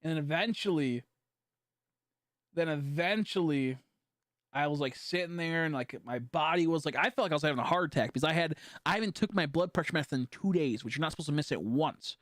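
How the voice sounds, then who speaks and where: A man streaming a game, telling a long story in a rambling, profane way full of fillers, swinging between hushed and loud. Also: on the high side, fairly quick, no echo, studio quality. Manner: animated, jumping from hushed to loud. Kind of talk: casual storytelling while gaming.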